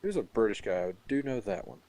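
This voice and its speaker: A man's voice: on the low side, fast. A man casually telling a story among friends, swearing freely and laughing often. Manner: profane, animated, laughs often.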